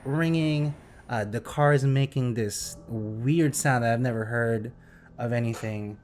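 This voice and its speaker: A young man in casual podcast chat, telling a story in an animated, excitable way and acting out sound effects. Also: medium pitch, measured pace, faint music behind. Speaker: podcast host.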